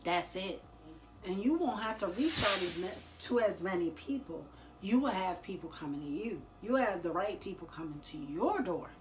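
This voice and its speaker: A woman talking casually to the camera, giving business advice in a chatty, slangy and expressive way, laughing often. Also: on the low side, moderate pace, background noise. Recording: echoey room.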